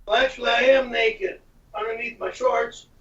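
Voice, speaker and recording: High, gravelly man with blunt remarks. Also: flat delivery, moderate pace, a bit bright, highs cut off. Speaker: show host. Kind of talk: casual livestream chat.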